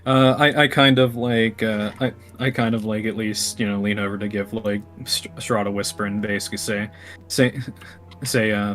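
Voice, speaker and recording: A man playing a tabletop game, talking casually and halting with many restarts. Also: on the low side, little pitch movement. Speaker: player. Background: soft background music.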